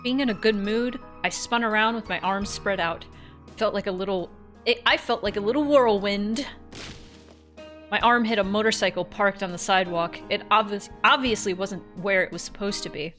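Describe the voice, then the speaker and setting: A woman streamer reading a visual novel aloud, laughing often and breaking off into animated chat. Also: medium pitch, normal speed, faint music behind. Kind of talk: narrating a story and chatting.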